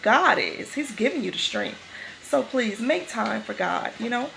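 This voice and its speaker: Gravelly woman talking about faith. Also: fairly high pitch, lively intonation, unhurried, a bit bright, soft background music, rough recording. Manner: conversational, repeats and restarts phrases. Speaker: vlogger giving a faith talk. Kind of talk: casual spoken devotional.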